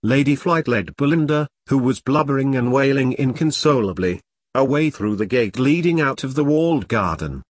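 A man reading a dark comic story aloud with dramatic storytelling. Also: mid-range voice, animated, normal speed, no room sound. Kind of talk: audiobook narration.

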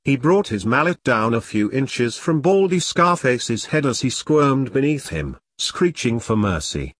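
A man reads a dark comic story aloud in a steady, even storytelling voice at a mid pitch. The sound is dry and close to the mic. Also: a little slow, slightly rough, dry recording. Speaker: narrator. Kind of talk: audiobook narration.

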